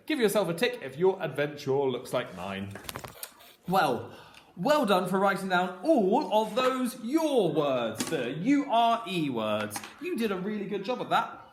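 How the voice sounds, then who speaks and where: Slow, sing-song man teaching phonics. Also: sits high, very animated. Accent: regional English. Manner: slow, drawn-out sounding out of words. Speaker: primary school teacher. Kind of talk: phonics lesson for children. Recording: roomy echo with faint noise.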